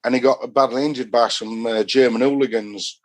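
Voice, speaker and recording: A man's voice: mid-range voice, steady tone, brisk. A middle-aged man from Doncaster with a Yorkshire accent, chatting as a podcast guest and telling long rambling stories full of northern dialect. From Doncaster, Yorkshire, England. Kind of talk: casual storytelling.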